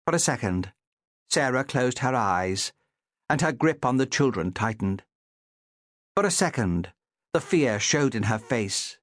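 A male audiobook narrator telling the story dramatically, his pitch rising and falling freely across each sentence. The recording is dry and close, with no room echo. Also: lively intonation, a little slow, a bit bright. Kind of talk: scripted narration.

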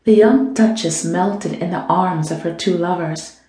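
A woman narrating an audiobook in a smooth, measured storytelling manner. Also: fairly low pitch, mellow. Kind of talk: scripted narration. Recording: roomy echo.

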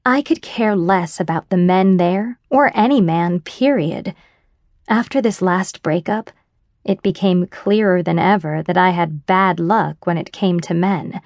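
Casting: female romance narrator, first person, wry, slow and deliberate, dry close mic. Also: on the low side, a little mellow, no echo. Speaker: audiobook narrator. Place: dry studio booth. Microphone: close studio mic.

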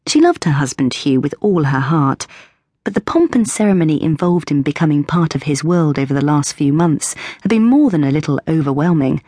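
A woman reads an audiobook in a low voice, telling the story in a measured, even way. The recording is dry, with clean studio sound.

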